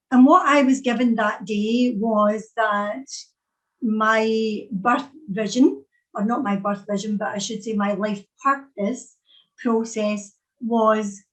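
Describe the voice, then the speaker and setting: A woman's voice: fairly high pitch, a bit bright, poor audio. A middle-aged woman with a Scottish accent, giving an earnest talk over a video call and repeating phrases as she searches for words. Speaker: psychic speaker.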